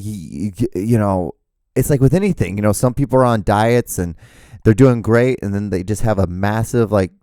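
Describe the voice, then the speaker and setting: Male host, 30s, meandering self-deprecating monologue, warm low voice, dry recording. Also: no room sound. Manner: meandering, profane, self-mocking, with many fillers and restarts. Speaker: podcast host. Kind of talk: rambling solo podcast monologue.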